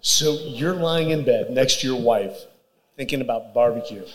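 A man's voice: mid-range voice, moderate pace, slight background noise. A man hosting an interview, putting short prompting questions to his guest. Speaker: podcast host. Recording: reverberant room.

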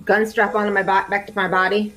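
A woman's voice: medium pitch, level tone, fast, fairly bright tone, a little hiss or hum, poor audio. Chatty woman playing a tabletop game. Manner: chatty, casual, swears freely. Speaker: player.

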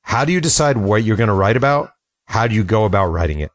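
A man's voice: on the low side, lively intonation, quick pace, dry recording. A man hosting an interview, asking curious, blunt questions. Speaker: interviewer, host.

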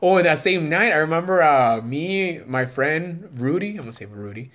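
A man's voice: fairly high pitch, animated, moderate pace, fairly bright tone. A man in his thirties, a comedian guest telling a story in casual chat, profane and rambling with many fillers.

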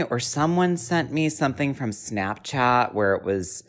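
Casting: playful man, mid-pitched, easygoing banter. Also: animated, a little slow. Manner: playful, joking, doing mock accents. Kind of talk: casual chat.

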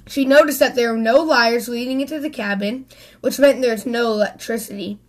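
A woman reads a children's picture book aloud in a high, expressive voice. Now and then she stumbles and repeats a word, then carries on. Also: normal speed. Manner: expressive, with small slips and restarts. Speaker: storybook reader.

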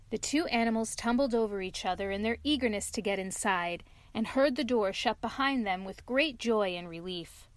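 A woman's voice: on the high side, moderate pace, few pauses, dry recording. Woman reading a bedtime story. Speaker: storyteller host, mother.

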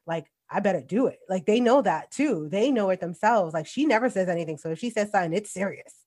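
A woman in her forties with a New York accent talks bluntly in a casual podcast chat. Her voice sits at an ordinary middle pitch. She tells animated stories and laughs easily along the way. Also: quick pace. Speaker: podcast guest.

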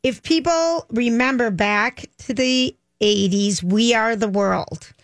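A woman's voice: fairly high pitch, slow, no echo. A woman radio host chatting casually and enthusiastically with co-hosts in a studio. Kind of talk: casual chat.

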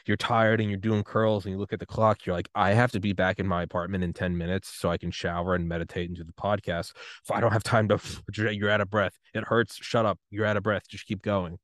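A man hosting his own podcast, delivering a rambling, profane solo rant that gets animated when he is riled up. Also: low-pitched, no room sound, clean studio sound. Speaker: podcast host.

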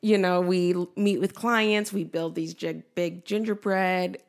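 A woman guest on a podcast speaks with a strongly gravelly, fry-filled voice that sits slightly low. She talks candidly and reflectively in relaxed conversation. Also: unhurried. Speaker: podcast guest, gingerbread baker.

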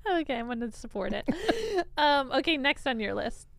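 A woman co-hosting a snack podcast, chatting eagerly with quick, giggly reactions. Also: high voice, big pitch swings, gravelly, fairly bright tone. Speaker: podcast co-host. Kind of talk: casual chat.

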